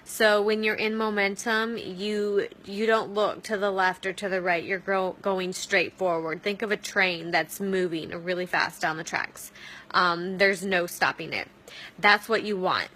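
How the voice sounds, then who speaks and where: A woman's voice: mid-range voice, pushed and bright. A woman giving an upbeat motivational talk to her sales team, coaching with many ums. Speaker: network marketing team leader.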